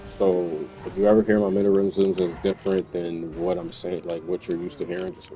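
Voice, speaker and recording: Low-voiced, laid-back gamer. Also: male voice, level tone, fairly quick, hardly any pauses, dark tone, low-quality recording. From New Jersey. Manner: laid-back, slangy, rambling. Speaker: gaming streamer. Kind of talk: casual commentary while playing. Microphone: USB desk microphone.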